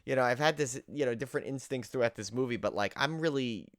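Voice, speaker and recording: A man co-hosting a podcast, chatting casually about a film in a rambling, animated way and acting out lines from it. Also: medium pitch, fast, dry recording, studio quality. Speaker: podcast co-host. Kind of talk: casual movie discussion.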